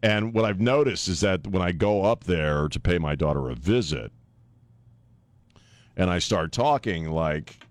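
A man's voice: low-pitched, animated, a little slow, no echo. A middle-aged man hosting a talk radio show, rambling and joking in casual banter. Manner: rambling, joking, laughs often.

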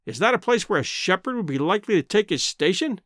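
A man's voice: high-pitched, big pitch swings, quick pace, a bit bright, no echo, clean studio sound. A man voicing a spiteful, pompous old busybody squire who blusters with indignation, reading a storybook. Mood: scornful.

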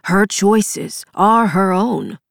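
A woman voicing a steady, protective man in an audiobook, speaking softly, carefully and firmly. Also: mid-range voice, very slow, creaky, dry recording, studio quality. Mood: calm. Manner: soft, careful, soothing. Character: steady, protective man, soothing but firm. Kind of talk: audiobook character voice.

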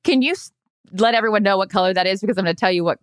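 A woman co-hosting a podcast in a bubbly, chatty way, full of quick asides. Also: mid-range voice, clean tone, no room sound, studio quality. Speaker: podcast co-host. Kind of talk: casual chat.

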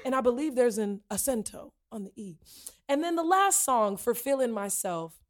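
A woman hosting a casual podcast chat, animated and laughing often, slipping into playful character voices. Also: a little high, normal speed. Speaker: podcast host.

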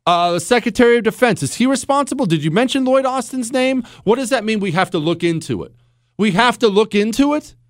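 Blunt, animated male radio host. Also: extremely high pitch, fast talker, hardly any pauses, no room sound, studio quality. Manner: blunt, sarcastic, animated, mocks with mimicry. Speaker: radio talk show host. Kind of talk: opinionated talk radio monologue. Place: radio studio.

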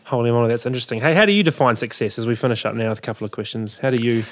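A man hosting a podcast, chatting casually and reacting with quick enthusiasm. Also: medium pitch, dry recording. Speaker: podcast host. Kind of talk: casual interview chat.

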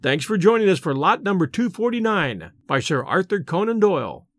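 A man reading a classic ghost story aloud in a measured, expressive way and hosting the show. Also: high voice, no echo, studio quality. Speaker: narrator and podcast host.

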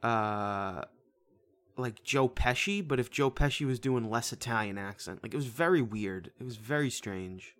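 A man's voice: medium pitch, a bit bright. A man chatting loosely about a film. He stammers, restarts and drifts, with easy swearing thrown in. He has an ordinary mid-range voice. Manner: rambling, halting, swears casually. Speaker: podcast co-host. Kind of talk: casual movie review chat.

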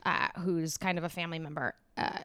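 A woman's voice: deep voice, steady tone, a little fast, a bit bright, clean tone. A woman co-hosting a casual podcast, teasing her partner and swearing freely. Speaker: podcast co-host.

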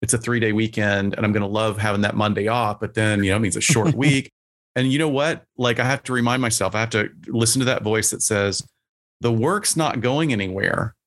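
A man, a psychologist, talking casually on a podcast and acting out quotes from clients and colleagues in an animated way. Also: lowish voice, fast, few pauses. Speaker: psychologist guest.

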